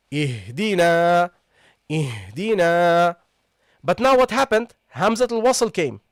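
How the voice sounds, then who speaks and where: With an extremely high pitch, a man teaches recitation in a live online session, explaining step by step and slowly repeating sounds. He keeps checking with "okay, guys?", and the recording is studio quality without echo.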